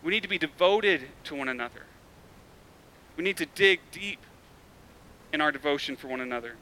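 A man's voice: on the high side, expressive, brisk, pushed and bright, slight background noise. A male pastor preaching a sermon in a casual, conversational way, with emphatic, repetitive build-ups and frequent tag questions. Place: church.

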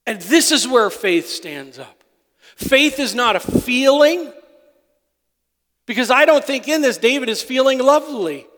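High-voiced pastor preaching in an echoing hall. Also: male voice, lively intonation, a little slow. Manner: impassioned, swings from soft asides to loud declarations. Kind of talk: sermon. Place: church sanctuary. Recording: long hall reverb.

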